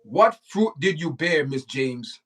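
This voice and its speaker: Man, livestream commentary, preachy, repetitive, fairly high voice, distant mic. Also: expressive, takes it slowly. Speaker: livestream host.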